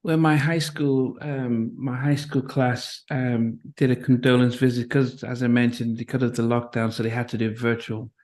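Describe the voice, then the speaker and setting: A middle-aged man from Nigeria hosting an interview, telling a story in a halting, reflective way with many restarts. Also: mid-range voice, little pitch movement, darkish tone. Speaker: interview host. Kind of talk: interview conversation.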